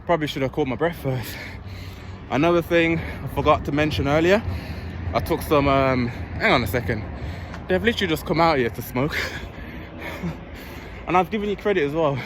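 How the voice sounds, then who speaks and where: A young man chats to his camera at an outdoor park court, blunt and loose, swearing freely as he goes. His voice sits a little high for a man. Traffic and city noise hum clearly behind him. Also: normal speed. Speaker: fitness vlogger. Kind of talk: casual vlog chat. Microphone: handheld or propped-up camera. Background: city ambience with passing vehicles.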